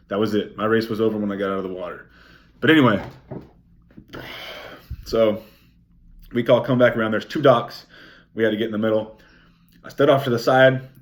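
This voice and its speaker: A young man with a somewhat low voice tells a race story to camera from his kitchen. He swears freely and acts out splashes and pops with his mouth as he goes. It is a casual, animated vlog recap. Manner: profane, animated storytelling with sound effects. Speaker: vlogger, triathlete. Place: home kitchen, indoors.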